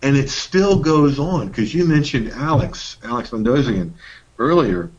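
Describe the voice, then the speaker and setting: A man's voice: medium pitch, lively intonation, a little slow, slightly rough, muffled recording. A middle-aged man co-hosting a workshop, talking in a casual, folksy way with playful emphasis. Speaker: workshop co-host. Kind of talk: casual teaching talk.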